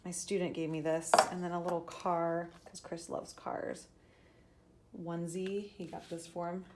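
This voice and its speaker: A woman's voice: fairly low pitch, level tone, normal speed, very noisy. A young woman vlogging casually to a handheld camera, chatty and full of fillers, gushing with feeling. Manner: chatty, with many fillers and restarts; gushing and tearful over baby things. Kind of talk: casual vlog chat.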